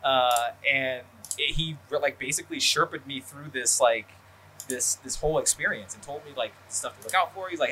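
A man hosts a podcast in loose, rambling chat, swearing freely and leaning on fillers. His voice is bright and forward, at a middling pitch. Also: moderate pace, slight background noise. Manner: rambling, profane, lots of fillers. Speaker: podcast host. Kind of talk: casual chat.

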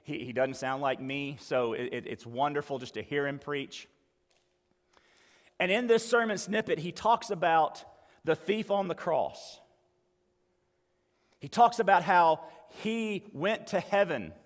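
A man's voice: fairly high pitch, unhurried, pauses often, in a large hall. A man preaching a sermon as pastor, conversational and emphatic, with folksy asides.

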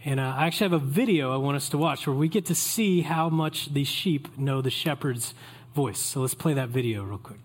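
A man preaching a Christmas Eve sermon as pastor, in a relaxed, conversational way that invites the congregation in. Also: medium pitch, brisk, slightly rough.

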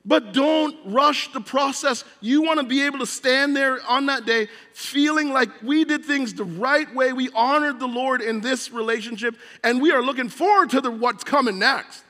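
Middle-aged pastor guy preaching, bright high voice, goes quiet and earnest, long church echo. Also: moderate pace, hardly any pauses. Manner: earnest preaching, often drops to a quiet low voice. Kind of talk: sermon. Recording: long hall reverb.

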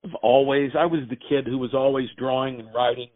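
A man's voice: medium pitch, brisk, dry recording. Man telling stories over a phone line. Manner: animated anecdotes, acts out quotes. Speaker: actor and writer, guest. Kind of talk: casual interview storytelling. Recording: tinny phone-like line, dry.

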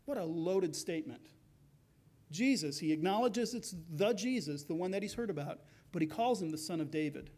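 A man's voice: high-pitched, animated, normal speed, dark tone. A man preaching a sermon as pastor, in a conversational way, acting out the voices of the people in his story.

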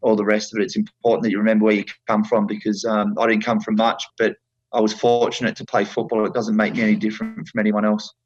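A man's voice: fairly low pitch, little pitch movement, fast, lo-fi sound. A middle-aged man, a former footballer, talking bluntly and passionately in a casual interview, often restarting his sentences.

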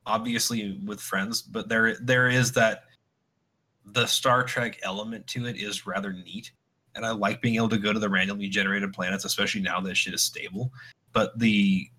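A man's voice: fairly low pitch, bright, forceful tone. A man co-hosting a casual podcast chat, rambling through stories with lots of laughter and acted-out quotes. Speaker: podcast co-host.

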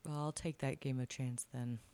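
A woman's voice: a bass voice, steady tone, normal speed, mellow, dry recording. A woman playing a bold warlord adventurer. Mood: bargaining. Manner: casual, laughing easily.

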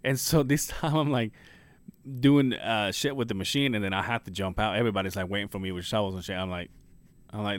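A man's voice: lowish voice, a little fast, no room sound. A man co-hosting a podcast, telling a rambling story with a lot of swearing and laughter. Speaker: podcast co-host. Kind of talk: casual chat.

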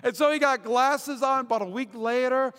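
A man preaching a sermon as pastor, telling lively stories with acted-out quotes and loud asides. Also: extremely high pitch, moderate pace, clean tone. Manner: energetic storytelling with shouted asides and acted quotes. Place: church hall. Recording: roomy hall reverb.

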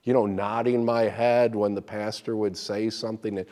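A man's voice: fairly low pitch, moderate pace. A man preaching a sermon, explaining scripture with folksy stories, full of restarts and repeated words. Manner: animated storytelling with repeated restarts.

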